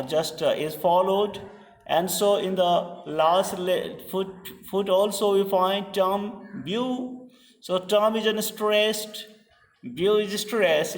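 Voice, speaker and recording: A man giving a slow, deliberate poetry lecture, asking rhetorical questions and pausing with fillers. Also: sits high. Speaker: literature lecturer. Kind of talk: classroom-style poetry lecture. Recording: distant mic in a reverberant room.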